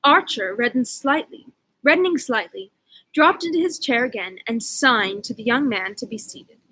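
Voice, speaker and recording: A woman's voice: a little high, animated, moderate pace, sharp tone, no room sound, low-quality recording. A woman reading a classic novel aloud, with casual asides to her dog. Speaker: audiobook reader.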